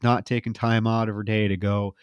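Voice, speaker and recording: A man co-hosting a podcast, recapping a film plot in a casual, animated way. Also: on the low side, a little fast, clear, resonant tone, no room sound, clean studio sound. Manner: animated retelling with lively emphasis. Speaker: podcast co-host.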